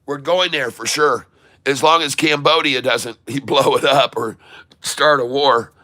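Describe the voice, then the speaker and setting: A man from Michigan hosting a casual live stream, excitedly reading out viewer shout-outs. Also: medium pitch, measured pace, dry recording. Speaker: livestream host. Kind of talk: casual livestream chat.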